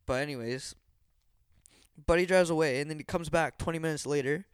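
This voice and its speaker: Young man from Canada on a casual podcast. His voice is smooth and clear, recorded dry and close with no room sound. He tells stories in a rambling way and swears often. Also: fairly high pitch, brisk, no room sound. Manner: swearing storyteller, loose and laughing. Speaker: podcast co-host.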